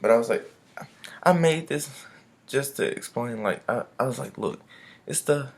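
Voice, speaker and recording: A man's voice: mid-range voice, expressive, normal speed. Chatty young man telling a storytime. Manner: chatty, loose, repeats "I was like". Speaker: vlogger. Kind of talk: casual storytime rant.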